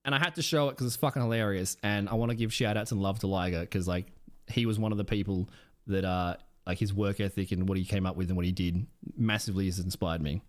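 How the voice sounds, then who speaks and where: A man's voice: low-pitched, steady tone, fast talker. A man with a South Australian accent chatting casually with his stream chat, playful and smug, swearing offhand.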